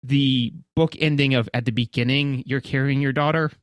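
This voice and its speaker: A man in his thirties co-hosting a casual podcast, talking in an animated way and acting out his own reactions. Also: mid-range voice, normal speed, clean tone, no echo, clean studio sound. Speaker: podcast co-host. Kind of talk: casual chat.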